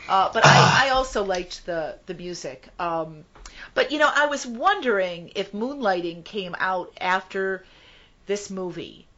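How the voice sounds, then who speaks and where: A woman's voice: medium pitch, animated, unhurried, sharp tone, muffled recording. A woman co-hosting a casual movie podcast, chatty and self-deprecating. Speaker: podcast co-host.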